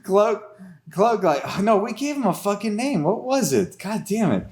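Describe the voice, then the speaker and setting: A man's voice: high voice, big pitch swings, moderate pace. A young man hosting an improvised comedy podcast, narrating the story, laughing often and stumbling over restarts.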